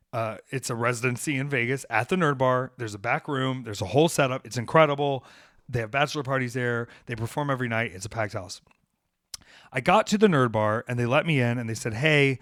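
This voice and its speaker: A man hosting a podcast, telling a story in a casual, animated way. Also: medium pitch, no echo, studio quality. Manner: animated, acts out quoted voices. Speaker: podcast host, pro wrestler.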